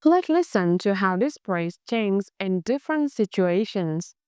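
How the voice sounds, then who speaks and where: A woman with a Vietnamese accent teaching a language lesson in a clear, patient, scripted way. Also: medium pitch, expressive, unhurried, background noise.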